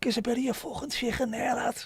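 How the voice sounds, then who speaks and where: A man with a Liverpool accent voicing a rough, aggressive young Liverpool lad who swears and threatens. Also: very high-pitched, little pitch movement, fast, dry recording, pitched above the performer's own voice, heavily acted. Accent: Liverpool (Scouse).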